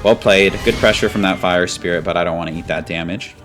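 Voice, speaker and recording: A man with a slightly low voice talks through a match as he plays it, loose and casual, narrating each move. He gets loud and eager when a push comes together. Clear music runs underneath. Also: brisk. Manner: casual, breaks into excited chanting at big moments. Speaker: gaming commentator. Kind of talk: live gameplay commentary. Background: background music.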